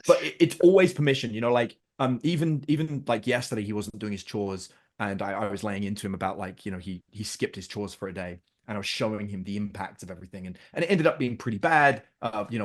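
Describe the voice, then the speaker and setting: A middle-aged man, a podcast guest, telling a story in a casual, animated way, often restarting and repeating words. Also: fairly low pitch.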